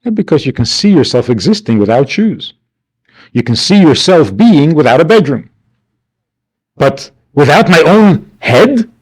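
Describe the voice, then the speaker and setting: A rabbi gives a class with a lively pitch that swings up and down. He speaks rhetorically and plays out the voices of the people he quotes. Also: unhurried, breathy edge. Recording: archival 1992 class recording.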